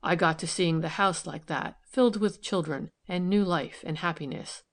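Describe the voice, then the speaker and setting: A man's voice: on the high side, normal speed, natural voice. A woman reading the lines of a troubled young man who speaks soberly and wistfully in an audiobook.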